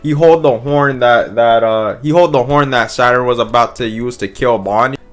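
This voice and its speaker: A young man talks through a manga chapter in loose, profane slang at an ordinary middle pitch. He rambles, circles back and restarts his sentences as he reacts. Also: moderate pace, soft background music. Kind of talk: casual commentary.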